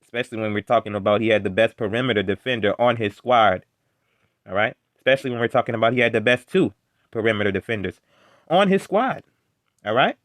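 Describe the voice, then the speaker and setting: A man's voice: lowish voice, quick pace, dry recording. Exasperated man ranting over a clip. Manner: exasperated, heckling, stammering. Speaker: reaction video host. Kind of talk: casual reaction rant.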